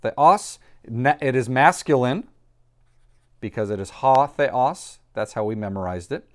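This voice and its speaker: A man's voice: medium pitch, a little slow. Patient male teacher going over a quiz. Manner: patient, reassuring, explains step by step; thinks aloud while writing on a board. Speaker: Greek teacher. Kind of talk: recorded classroom lesson.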